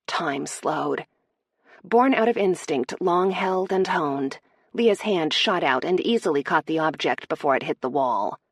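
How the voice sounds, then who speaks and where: A woman narrates a romance audiobook in a steady, measured way. Her voice is very low, husky and a little gravelly. The read is dry and close to the mic. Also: dry recording.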